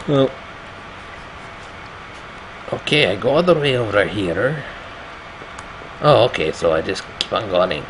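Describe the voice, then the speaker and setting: A man with a raspy voice doing casual commentary on a horror game, reacting with swearing and startled remarks. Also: fairly low pitch, sing-song, normal speed, background noise. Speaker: gameplay commentator.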